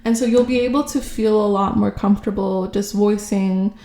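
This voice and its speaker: A woman giving a casual intuitive tarot reading to camera, musing slowly with many fillers and hesitations. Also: medium pitch, steady tone, mellow. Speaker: tarot reader. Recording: echoey room.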